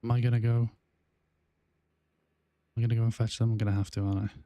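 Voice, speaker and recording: A man's voice: mid-range voice, level tone, fast talker, mellow, no echo. A man with a South Welsh accent chatting casually on a gaming livestream, rambling with lots of fillers and restarts. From South Wales. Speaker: gaming streamer.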